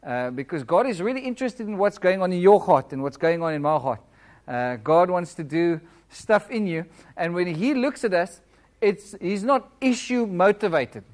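In a church, a guest preacher delivers a lively sermon and prayer at a moderate pace, his voice pitched a little high. He has a non-British English accent he calls flat, and his preaching is warm and conversational, full of laughs and questions to the audience.

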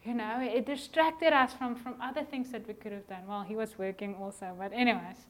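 A middle-aged woman preaches in a church with a slightly high voice. She talks in a lively, conversational way and acts out small dialogues. At moments she drops her voice to a soft, near whisper. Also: fairly quick. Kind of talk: sermon.

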